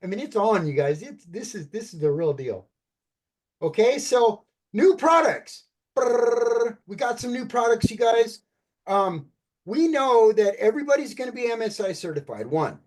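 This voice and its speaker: Upbeat man pitching on a video call. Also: animated, normal speed, a little mellow. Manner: upbeat, keeps addressing listeners as "you guys". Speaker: presenter on a team video call. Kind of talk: enthusiastic sales pitch.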